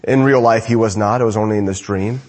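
Preaching fast at an evening service, this man climbs to emphatic lines, drops to quiet, low finishes, and leans on repetition for emphasis.

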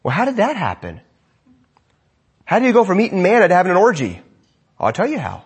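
A man preaching a sermon as pastor, swinging between loud emphatic lines and quiet asides. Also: sits high, huge pitch swings, fairly quick, slightly rough.

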